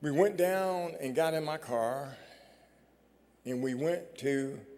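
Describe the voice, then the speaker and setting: A man giving a storytelling speech at an awards ceremony, measured and full of dramatic pauses, on a stage microphone. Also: on the high side, darkish tone. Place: large performing arts hall. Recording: long reverb of a large hall.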